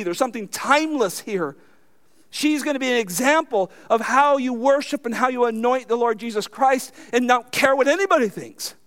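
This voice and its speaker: High-voiced man preaching a sermon. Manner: earnest, animated preaching with frequent restarts. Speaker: pastor.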